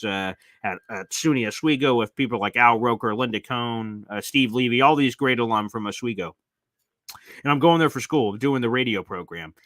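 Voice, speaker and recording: A man's voice: mid-range voice, bright, forceful tone, no room sound. A man in his thirties hosting a live sports talk show, telling a long story full of detours and acting out the quotes in it. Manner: rambling storyteller, jumps into detours; acts out quotes with voices and sound effects. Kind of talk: live sports reaction chat.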